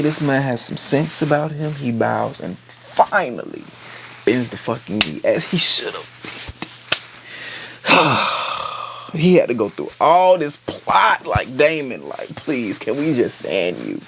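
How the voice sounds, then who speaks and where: A man recaps a TV episode in loose, casual chat, swearing freely and jumping into the characters' voices. His voice sits at a middle pitch with an animated, storytelling drive. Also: slow pace, vocal fry, a little hiss or hum. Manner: animated, profane, acts out quotes. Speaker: TV episode reviewer.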